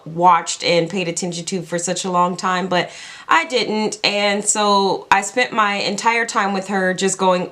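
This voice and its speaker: A woman beauty vlogger chatting casually while doing her makeup, telling stories in an excitable, chatty way with lots of "like". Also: medium pitch. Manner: excitable, chatty storytelling full of "like".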